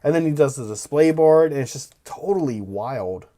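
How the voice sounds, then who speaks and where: Casting: relaxed, rambling co-host, loose and offhand livestream chatter. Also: medium pitch, moderate pace. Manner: rambling, loose, swears casually. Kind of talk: casual livestream chat.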